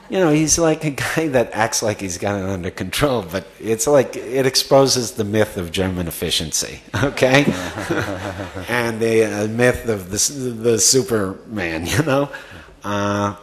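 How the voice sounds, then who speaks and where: A man's voice: lowish voice, expressive, measured pace. A man answering audience questions about acting at a festival Q&A, rambling with many fillers and restarts. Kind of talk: festival Q&A conversation.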